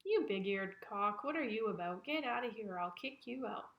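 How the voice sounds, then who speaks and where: A woman's voice: medium pitch, animated, moderate pace, highs cut off, natural voice. A woman storyteller voicing a rude, bossy male little ram that scolds everyone who comes near, in a roomy space. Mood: scolding. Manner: scolding, blustering. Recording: roomy echo.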